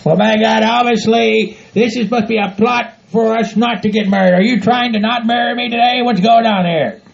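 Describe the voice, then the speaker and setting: A man doing a gravelly cussing hillbilly rancher. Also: high voice, fairly even intonation, fairly quick. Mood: grumbling. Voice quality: gravelly, exaggerated country hick voice. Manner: grumbles, swears, keeps repeating "by God". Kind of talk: comedy audio skit. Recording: dull lo-fi home recording.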